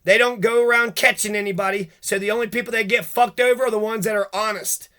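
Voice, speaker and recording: A man's voice: high-pitched, fairly even intonation, quick pace, sharp tone, clean tone. A man delivering a heated, profane rant, cursing and jumping from one grievance to the next.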